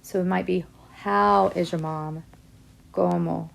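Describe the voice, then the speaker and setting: A woman's voice: lowish voice, steady tone, takes it slowly, gravelly. A woman teaching a Spanish lesson to her students, reading out example sentences and explaining each answer step by step. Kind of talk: classroom lesson video.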